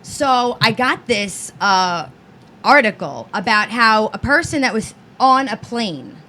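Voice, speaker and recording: A woman's voice: fairly high pitch, expressive, slow, pushed and bright. A woman co-hosting a podcast, telling stories in casual chat, blunt and profane. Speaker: podcast co-host.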